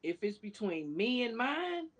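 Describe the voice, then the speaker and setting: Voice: mid-range voice, big pitch swings, measured pace. A co-host giving blunt, opinionated views in a casual chat.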